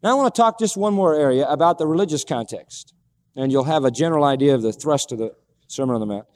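A man's voice: fairly high pitch, expressive, fast, darkish tone, in a large hall. A man preaching a sermon emphatically, repeating key phrases and asking rhetorical questions.

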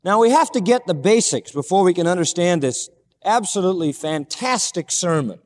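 A man's voice: high voice, lively intonation, moderate pace, a little mellow, long reverb tail. A man preaching a sermon emphatically, repeating key phrases and asking rhetorical questions.

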